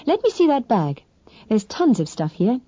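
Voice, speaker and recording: A woman voicing a spirited young woman who speaks in a brisk, coaxing and firm way. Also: a little high, big pitch swings, dark tone, dry recording, lo-fi sound, voice pushed up. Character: spirited young Englishwoman, kind but firm.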